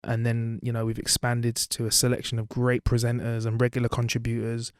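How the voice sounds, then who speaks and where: Brief: twenties male presenter, lively conversational storyteller, dry close room. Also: medium pitch, fairly quick, clean tone, no room sound. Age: 20s. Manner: animated, lots of "you know". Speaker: guest, media presenter. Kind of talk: casual interview chat and storytelling.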